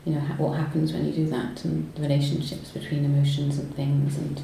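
A woman poet talking in an interview, hesitant with many pauses and restarts, then reading her own poems aloud. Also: low-pitched, monotone, vocal fry, dark tone. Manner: hesitant, lots of ums and restarts when talking. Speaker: poet guest. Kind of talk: conversational interview and poetry reading. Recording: roomy echo, faint noise.

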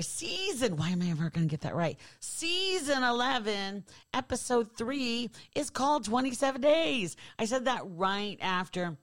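A woman with a low voice hosts a podcast, rambling through a story with sarcasm and swearing. Her voice sits close to the mic, dry with no room sound. She talks loosely, full of asides and restarts. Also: a bit bright, dry recording. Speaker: podcast host. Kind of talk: casual podcast monologue.

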